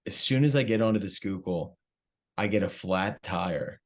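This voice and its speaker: A man tells a rowdy story on a podcast, his voice sitting fairly low. He swears freely and acts out the lines of each person in the story, his delivery animated and casual. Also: moderate pace. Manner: animated, profane, acts out quotes. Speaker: comedian guest.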